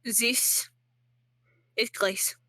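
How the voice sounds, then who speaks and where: A woman's voice: a little high, steady tone, drawn-out words, sharp tone, dry recording. A young woman narrating as game master in a casual, rambling way, full of fillers and joking at herself.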